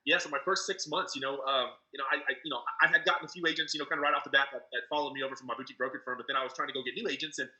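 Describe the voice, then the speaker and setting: A man telling a story in a casual, excitable way, full of "you know" and restarts. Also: medium pitch, rapid-fire, few pauses, rough recording. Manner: excitable, many fillers and restarts. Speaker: interviewee, team leader.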